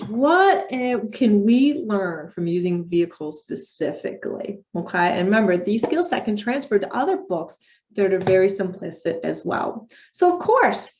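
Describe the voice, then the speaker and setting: A young woman, a speech language pathologist, giving a lecture on reading with children, animated and modeling child talk in a sing-song voice. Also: on the high side, muffled recording.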